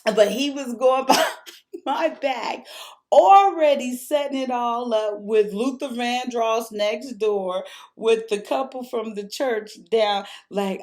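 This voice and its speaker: A woman vlogger casually telling a rambling story to camera, animated and laughing between lines, drinking while she talks. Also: a little high, takes it slowly.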